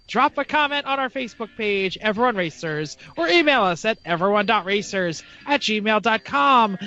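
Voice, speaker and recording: A man with a high, bright voice wrapping up a podcast episode in an upbeat, joking way. Faint music plays under him, and the recording sounds slightly dull and lo-fi. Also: normal speed, hardly any pauses. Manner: upbeat, jokey, animated sign-off. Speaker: podcast host. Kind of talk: podcast outro.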